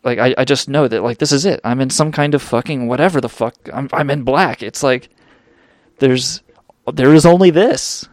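A man's voice: medium pitch, normal speed, no echo, studio quality. A young man hosting a radio show, telling a wild story in a rambling, profane way with lots of fillers. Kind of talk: storytelling drug anecdote.

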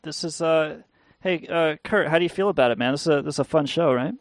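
Joking co-host, a man with a higher voice. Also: quick pace, dry recording. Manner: joking, interjecting. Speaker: podcast co-host. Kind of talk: casual chat.

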